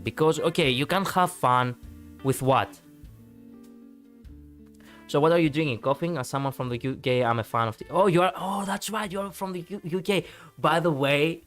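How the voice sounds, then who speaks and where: A man's voice: mid-range voice, a bit bright. A man from Greece with a Greek accent, chatting casually with viewers on a live stream, rambling with many fillers and restarts and laughing easily.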